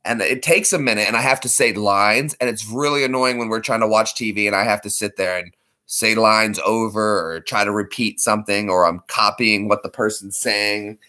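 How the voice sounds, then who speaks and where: A man's voice: lowish voice, steady tone, normal speed, bright, forceful tone. A man chatting casually in a vlog, rambling and laughing between attempts at impressions. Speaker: vlogger.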